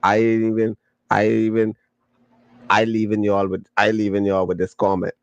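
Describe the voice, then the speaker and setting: A man hosting a podcast, casually chatting and reading viewer comments in a playful, slangy, excitable way. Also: on the low side, normal speed, creaky, dry recording, highs cut off. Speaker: podcast host.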